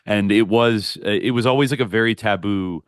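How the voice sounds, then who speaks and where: A man's voice: fairly low pitch, a little fast, no echo, studio quality. A man co-hosting a podcast in casual chat, rambling with constant "like" fillers. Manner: rambling, heavy use of "like". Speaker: podcast co-host.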